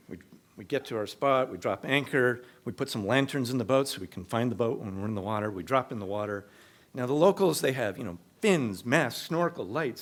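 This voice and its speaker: Brief: male live storyteller, mid-pitched, chatty and animated, acts out the quotes. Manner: conversational, animated, acts out what people said. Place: stage of a comedy club.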